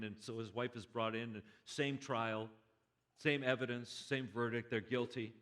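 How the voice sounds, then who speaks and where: Animated male pastor telling a story. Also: mid-range voice, measured pace. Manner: animated, acts out dialogue, stammered restarts. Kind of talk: sermon storytelling. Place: church.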